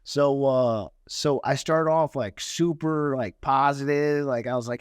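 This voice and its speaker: A man's voice: medium pitch, a little slow, few pauses, clean tone, dry recording. Candid streetwise young man, dry sound. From Cleveland, Ohio. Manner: candid, streetwise, swears freely. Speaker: podcast guest, investor. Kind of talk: casual storytelling.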